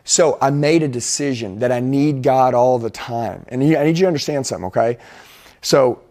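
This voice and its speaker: A man's voice: medium pitch, moderate pace, darkish tone. A middle-aged man giving an intense, emphatic motivational talk as a sales and life coach. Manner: intense, emphatic preaching delivery.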